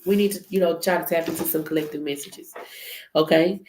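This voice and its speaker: A woman with a slightly low voice runs a live-stream tarot reading, talking loosely and directly to her viewers and swearing without a care. Her voice rings in an echoey room with a faint hiss of noise behind it. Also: fairly even intonation, brisk, a little mellow. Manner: loose and chatty, addresses viewers, swears freely.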